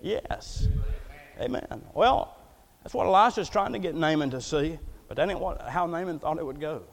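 A male pastor preaching a folksy, joking sermon that swells into loud, emphatic declarations, heard in a church. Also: fairly high pitch, lively intonation, normal speed, gravelly. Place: church sanctuary. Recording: long reverb of a church hall.

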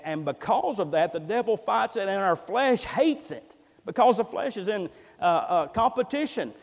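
A man preaching a sermon in a folksy way, building up to loud, emphatic peaks. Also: sits high. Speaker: pastor. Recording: long reverb in a church hall.

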